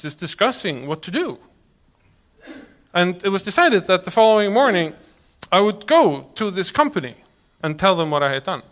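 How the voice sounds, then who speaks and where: A man from Iceland, giving a personal storytelling talk to an audience and acting out the voices of people he quotes. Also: high-pitched. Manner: animated, acts out quoted voices. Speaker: public speaker.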